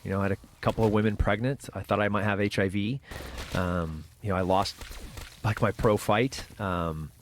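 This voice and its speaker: Middle-aged man, lowish voice, halting storyteller, lots of fillers, faint background noise. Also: steady tone. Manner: halting, full of fillers and restarts. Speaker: guest. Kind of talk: casual interview storytelling.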